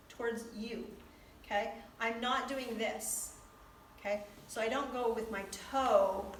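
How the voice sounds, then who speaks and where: A woman teaching ballet terms, talking slowly, repeating each term while she demonstrates in a dance studio. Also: fairly high pitch, slight background noise. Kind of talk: ballet lesson. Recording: echoey room from a distance.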